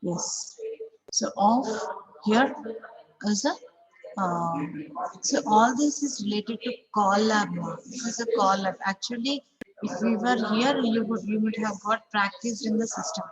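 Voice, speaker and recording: A woman's voice: mid-range voice, unhurried, low-quality recording. Indian woman teaching an online class. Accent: Indian English. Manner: repeats example sentences, fills with frequent "okay". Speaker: English teacher. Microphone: video call. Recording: online class audio with crowd chatter behind.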